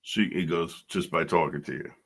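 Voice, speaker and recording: A middle-aged man with a very deep, gravelly voice hosts his own podcast. He tells his story in a blunt, emotional monologue and swears freely. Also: moderate pace. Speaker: podcast host.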